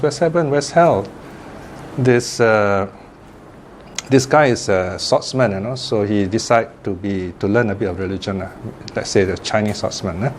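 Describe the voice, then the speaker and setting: A man's voice: lowish voice, slight background noise. A man, a Buddhist teacher giving a chatty Dharma talk, laughing often and tossing in asides. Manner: chatty, laughs often, lots of "you know".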